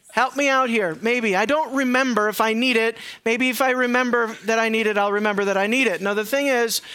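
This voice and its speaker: A man preaching a sermon in a church, emphatic and questioning his listeners, sometimes dropping to a quiet, low tone. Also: clean tone, no room sound. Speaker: pastor. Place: church sanctuary.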